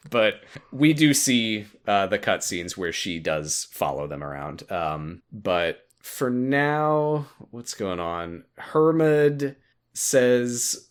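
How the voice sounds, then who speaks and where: A young man co-hosting a casual chat, retelling a game's story with lively jumps into voices and frequent laughs. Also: lowish voice, slow pace. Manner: animated, jumps into voices for quoted lines, laughs often. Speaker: podcast co-host recapping a game story.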